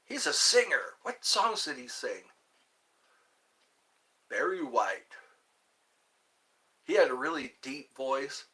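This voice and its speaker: A man's voice: medium pitch, sing-song, takes it slowly, pauses often, sharp tone. A man hosting a livestream from his home, chatting casually and answering viewers' questions in a rambling way. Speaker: livestream host. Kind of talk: casual chat reading viewer comments.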